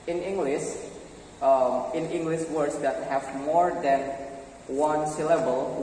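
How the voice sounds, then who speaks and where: A young man with an Indonesian accent presenting a pronunciation lesson to his class, halting and full of fillers. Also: a little high, darkish tone, a little hiss or hum. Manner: slow, halting, with many fillers. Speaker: student presenter. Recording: roomy echo from far off.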